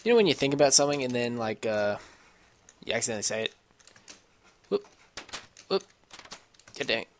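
At home in a computer room, a man gives casual let's-play commentary over a video game, rambling, swearing often, and talking to himself as he plays. His mid-range voice is sing-song at a moderate pace with long pauses, and slight background noise is audible.

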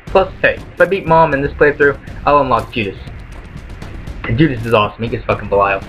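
A man's voice: medium pitch, fairly even intonation, fairly quick, highs cut off, soft background music. A man giving casual let's play commentary at home, rambling through lots of ums and swearing constantly.

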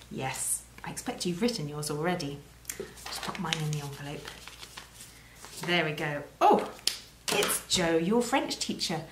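A woman teaching French to young children, talking in a gentle sing-song way. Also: mid-range voice, roomy sound, a little hiss or hum. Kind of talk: children's language lesson.

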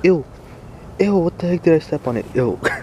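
A young man casually vlogging outdoors by the water in light rain, talking excitedly and slangily straight to his viewers on a handheld phone. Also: a little high, fairly quick. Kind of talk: casual outdoor vlog chat. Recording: outdoor phone audio with street noise.

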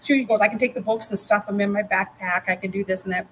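A middle-aged woman, a master gardener guest, chatting casually and telling lively anecdotes. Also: mid-range voice, quick pace, slight background noise, rough recording. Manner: lively anecdotes, acts out quotes. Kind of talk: casual storytelling chat.

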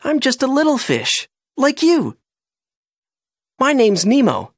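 A storybook reader voicing a curious, brave young boy clownfish with an eager, bright manner. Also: high voice, wildly swooping pitch, slow pace, no room sound, studio quality, voice pushed up, full character voice. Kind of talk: children's storybook reading.

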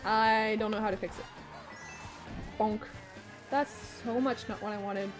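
A woman streamer giving live commentary as she plays, excitable, swearing and shrieking when things get fast. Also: mid-range voice, music in the background. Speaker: gaming streamer.

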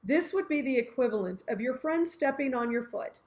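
A woman's voice: high-pitched, expressive, moderate pace, hardly any pauses, darkish tone. A woman giving an earnest Bible teaching, explaining scripture through everyday scenarios she acts out.

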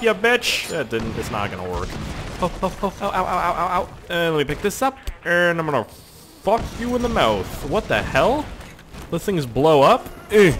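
A man giving excitable, joking, profane running commentary while playing a video game. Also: on the high side, background noise. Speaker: gaming commentator. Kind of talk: let's play commentary.

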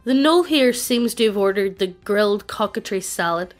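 A synthetic woman's voice reading the lines of a deadpan dungeon master. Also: mid-range voice, normal speed, soft background music, lightly acted. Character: dry, deadpan dungeon master of either sex.

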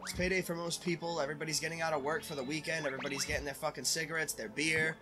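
A young man with a somewhat high voice tells a story animatedly, swearing constantly and acting out what others said. Clear video game music plays underneath the conversation. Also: very fast. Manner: animated storyteller, heavy swearing, acts out quotes. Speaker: co-host of a gaming playthrough. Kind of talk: casual chat while gaming. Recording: game music playing behind.

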